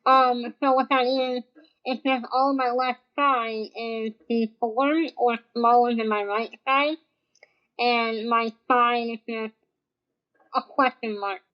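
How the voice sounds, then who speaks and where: A deaf woman chats in a high, lively voice, acting out the voices of the people she talks to. Her speech carries a deaf accent. The recording sounds a little dull and lo-fi. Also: slow pace. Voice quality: deaf speech, uses hearing aid. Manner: animated, laughs often, acts out quotes. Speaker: guest streamer. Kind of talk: casual chat.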